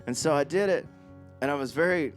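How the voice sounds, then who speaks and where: Guy singer rambling jokey stories between songs at a small club, kinda high voice, bit of guitar in the back. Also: fairly quick. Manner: rambling, joking anecdotes. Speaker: singer-songwriter performing live. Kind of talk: stage banter between songs. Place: small live music club. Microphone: stage vocal mic.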